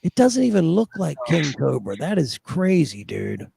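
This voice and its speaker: Man, regular on a live chat; raspy, breathy tone; rambling, crude storyteller. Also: on the high side, sing-song, moderate pace, dark tone, no echo. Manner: rambling, profane storyteller, laughs at himself. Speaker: livestream regular. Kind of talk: casual group chat on a live stream.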